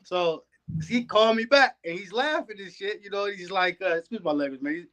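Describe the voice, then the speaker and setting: A man, a guest on a podcast and a dog breeder, telling stories in a relaxed, casual way. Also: high voice, brisk. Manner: laid-back, peppers talk with "man". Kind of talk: casual storytelling chat.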